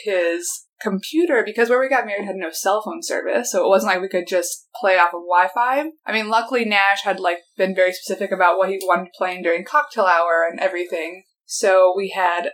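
A woman with a Southern American accent, a bride telling her wedding story as a podcast guest, soft-spoken and hesitant, with many fillers. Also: medium pitch, brisk, hardly any pauses, low-quality recording. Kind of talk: casual storytelling.

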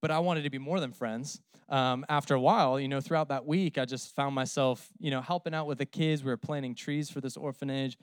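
Pastor in his thirties, man, humorous conversational preacher, smooth voice, dry close sound. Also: mid-range voice, steady tone, a little fast, hardly any pauses, dry recording. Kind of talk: sermon.

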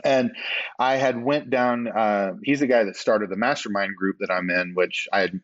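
Man, podcast guest, rambling and self-deprecating, fairly low voice, dry close sound, slightly dull lo-fi. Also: normal speed, no echo. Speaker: podcast guest, business owner. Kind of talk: casual interview storytelling.

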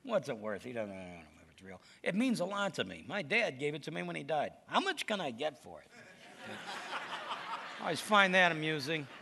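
Animated, gravelly-voiced male preacher. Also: a little high, moderate pace, noisy background. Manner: lively storytelling, animated and emphatic. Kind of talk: sermon.

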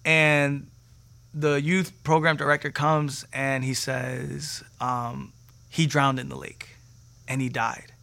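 A young man telling a personal faith testimony in an animated way, acting out the quotes with sudden jumps in pitch. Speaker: testimony speaker.

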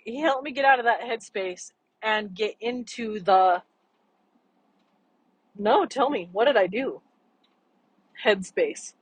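A woman's voice: fairly high pitch, fairly bright tone, slightly rough, no room sound, low-quality recording. A young woman hosting her own podcast, talking earnestly and chattily about ranch life and personal growth. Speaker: podcast host. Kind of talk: solo podcast talk.

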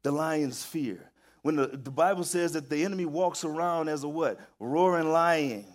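Guy preaching a sermon, kinda high voice, repeats lines and gets loud and worked up. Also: normal speed. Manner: emphatic, repetitive storytelling; builds to loud, excited peaks.

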